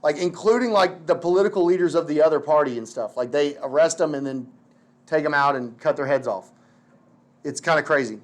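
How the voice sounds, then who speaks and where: A man teaching history in a casual, slangy, animated lecture full of filler words. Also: on the high side, fairly quick. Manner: slangy, animated, lots of "like" and "dude".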